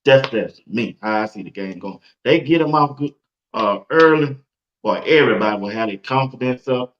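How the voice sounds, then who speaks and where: A man's voice: mid-range voice, animated, normal speed. A man hosting casual sports talk, loose and playful as he asks his questions. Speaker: host. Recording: dull lo-fi stream audio.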